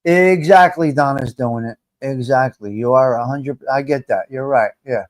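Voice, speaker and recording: A man's voice: mid-range voice, moderate pace. A middle-aged man hosting a live stream, chatting casually and joking with his viewers as he talks straight to them.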